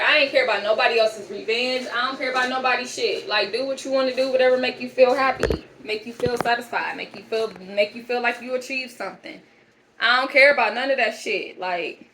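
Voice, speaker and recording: A woman's voice: a little high, a little fast, fairly bright tone, a little hiss or hum, poor audio. A young woman telling a story as a casual rant, blunt, profane and exasperated. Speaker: vlogger.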